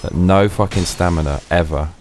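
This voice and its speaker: A man's voice: low voice, normal speed, noisy background. A young man giving casual, swear-filled let's play commentary, muttering in slang as he plays. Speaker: gaming streamer.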